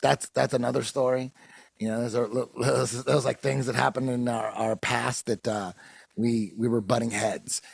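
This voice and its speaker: A man's voice: mid-range voice, steady tone, moderate pace, vocal fry, husky, dry recording. A man hosting a podcast, telling a long, profane story in a rambling way with frequent laughs. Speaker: podcast host. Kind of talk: casual storytelling.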